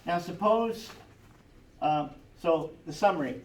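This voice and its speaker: A man's voice: on the high side, expressive, slow pace, a little mellow. A man teaching a history class, lecturing animatedly with rhetorical questions and chuckling asides, recorded from across a classroom. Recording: echoey classroom recorded from far off.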